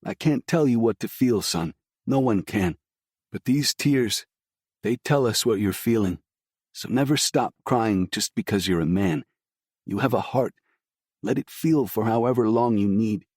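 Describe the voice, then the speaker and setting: A man reading the lines of a middle-aged father in an audiobook, calm, steady and consoling. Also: fairly low pitch, unhurried, husky, no room sound, studio quality, voice pushed up. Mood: tender. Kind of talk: audiobook dialogue.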